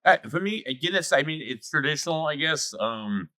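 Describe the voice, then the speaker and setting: A man's voice: on the high side, expressive, brisk, bright, forceful tone, dry recording. A man co-hosting a podcast, chatting in an easygoing way and often hedging his opinions. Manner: easygoing, hedging with "I don't know". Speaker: podcast co-host. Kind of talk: casual podcast chat.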